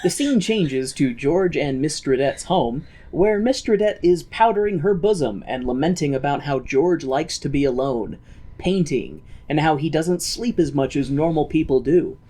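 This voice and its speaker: A man with a lively, wide-ranging voice recaps a stage show for his co-host. He talks casually and jokes a lot, swears freely, and drops into mocking impressions of the characters as he goes. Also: on the high side, normal speed. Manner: animated storytelling with mocking put-on voices; profane, joking. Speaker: podcast co-host.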